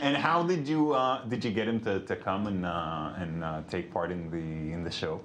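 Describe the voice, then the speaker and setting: A man interviews guests for a TV news program, filling his questions with hesitations. His voice sits somewhat low, and a faint noise runs under the recording. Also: big pitch swings, fairly bright tone. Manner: halting, many filler sounds.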